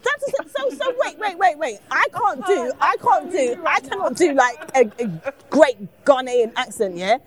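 A woman co-hosting a heated panel debate, emphatic and quick to interrupt, repeating herself to hold the floor. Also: high voice, sing-song.

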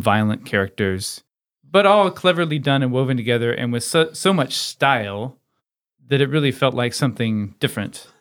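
A man's voice: mid-range voice, clear, resonant tone. A man co-hosting a podcast in casual chat, telling his memories in a chatty, upbeat way. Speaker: podcast co-host.

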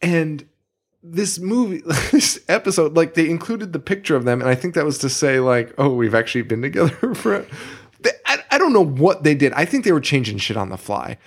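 A man's voice: a little high, fairly quick, breathy edge. A man co-hosting a podcast, talking casually and ranting with a lot of swearing. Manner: profane, ranting, animated. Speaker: podcast co-host. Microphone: studio microphone.

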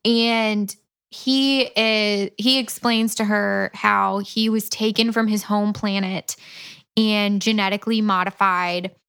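A woman co-hosting a podcast, casually retelling a book's plot with dry, deadpan asides and some swearing. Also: medium pitch. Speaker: podcast co-host.

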